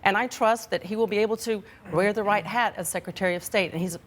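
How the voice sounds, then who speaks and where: Fast-talking female political commentator. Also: medium pitch, a little hiss or hum. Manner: brisk, assertive, talking-point delivery. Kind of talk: panel debate. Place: television studio.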